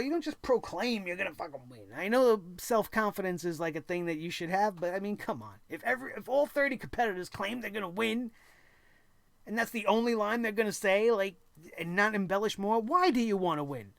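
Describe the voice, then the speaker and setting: A man's voice: sits high, animated, brisk, gravelly, a bit bright, no echo. A man hosting a wrestling show, recapping the episode in a sarcastic, exasperated rant and mocking the wrestlers now and then. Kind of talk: opinionated recap commentary.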